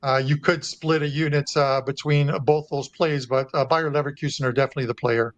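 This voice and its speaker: A man with a mid-range, steady voice speaks briskly as a guest handicapper, talking through his soccer and hockey betting plays in chatty sports betting analysis. He uses frequent uh fillers and restarts, and there's no echo.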